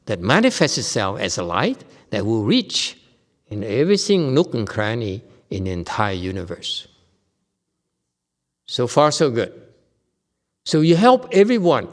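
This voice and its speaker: Buddhist monk guy from vietnam, dharma talk, jokey and chatty, lots of okay? checks, mid-pitched voice. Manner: joking, conversational, keeps checking in with the audience. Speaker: Buddhist master. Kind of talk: dharma lecture. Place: temple lecture hall. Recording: long reverb in a hall.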